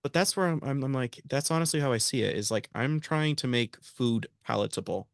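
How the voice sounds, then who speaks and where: A man's voice: mid-range voice, fairly quick, creaky, dry recording, clean studio sound. A man guest on a podcast, talking earnestly and acting out quoted exchanges in a casual interview.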